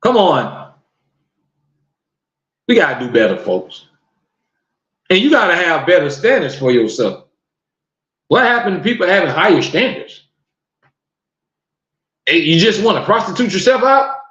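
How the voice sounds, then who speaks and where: A man's voice: sits high, sing-song, a little slow, pauses often, fairly bright tone. A man hosting a podcast, ranting on a live stream to his viewers and firing off rhetorical questions in disbelief. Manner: incredulous, fires off rhetorical questions. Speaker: podcast host. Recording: roomy, dull lo-fi sound.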